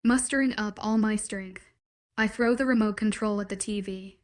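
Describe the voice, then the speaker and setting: Woman narrating a romance audiobook softly. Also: medium pitch, steady tone, moderate pace.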